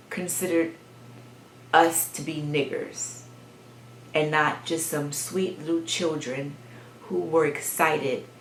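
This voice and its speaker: A woman with a slightly low voice tells a story from her own childhood to the camera. She talks in a reflective way, pausing and restarting as she remembers. The room around her is echoey. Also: a little hiss or hum. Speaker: vlogger. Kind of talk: personal storytelling.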